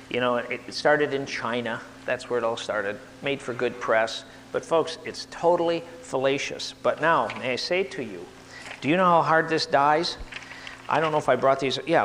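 A man giving an animated lecture to a live audience, asking them questions and getting worked up. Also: a little high, in a large hall, a little hiss or hum. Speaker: speaker at a live talk.

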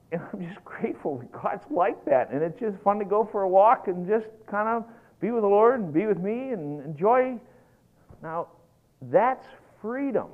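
A man preaching a sermon in an animated, folksy way, getting worked up as he goes. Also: high-pitched. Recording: tinny lo-fi phone-like recording.

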